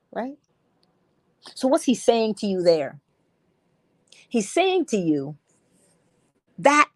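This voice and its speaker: A woman reading a spiritual lecture aloud as a bedtime narration, expressive, with shifting pace and emphasis. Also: medium pitch, no echo.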